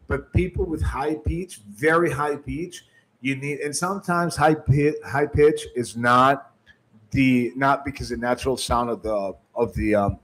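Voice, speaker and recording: A man runs a sales coaching lecture in a plain, mid-range voice. He is emphatic and circles back over his points. He keeps checking in with a quick "right?". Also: mid-range voice, fairly bright tone, rough recording. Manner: emphatic, repeats phrases, often asks "right?". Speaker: sales trainer.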